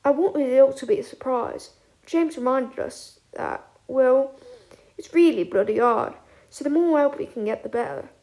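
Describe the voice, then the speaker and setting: Woman reading a loud impatient schoolboy wizard, high voice, bouncy. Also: expressive, normal speed. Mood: eager. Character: eager excitable teenage schoolboy wizard.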